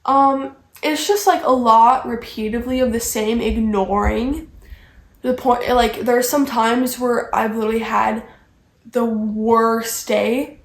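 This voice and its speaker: High-voiced young woman rambling a story. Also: steady tone, takes it slowly. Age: young adult. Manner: rambling, heavy use of "like". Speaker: vlogger. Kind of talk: casual storytime chat. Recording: echoey room.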